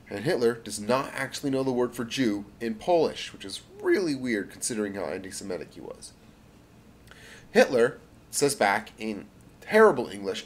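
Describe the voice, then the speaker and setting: A man tells a made-up tale in a low voice that swings widely in pitch. He rambles, stumbles over words and corrects himself, stopping for asides before pushing on with the story. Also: big pitch swings, brisk, a little hiss or hum. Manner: rambling, self-correcting, many fillers and asides. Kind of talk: improvised spoken storytelling.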